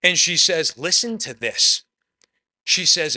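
A man's voice: on the high side, lively intonation, slow, bright, forceful tone, dry recording. A man preaching a sermon in a conversational way, acting out the quotes as he tells the story. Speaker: pastor.

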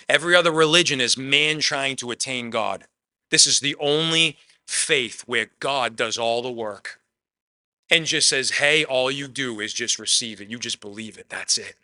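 A man's voice: mid-range voice, bright, forceful tone, no echo. A man preaching a sermon in a conversational way, acting out the quotes as he tells the story. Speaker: pastor.

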